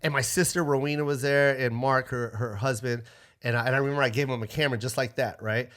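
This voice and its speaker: A middle-aged man, a comedian guest, telling a story in a lively, profane way and acting out other people's lines. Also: medium pitch, fast. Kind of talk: casual storytelling.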